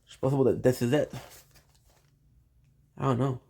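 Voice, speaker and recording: A man's voice: medium pitch, steady tone, normal speed, gravelly, mellow. A man live-streaming, rambling playfully and talking straight to his viewers. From Canada. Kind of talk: casual live-stream chat.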